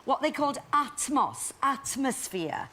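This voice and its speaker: A woman's voice: high-pitched, very animated, measured pace, pushed and bright. An older woman, a guest actress on a chat show, telling stories with laughter and acting out voices. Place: TV studio.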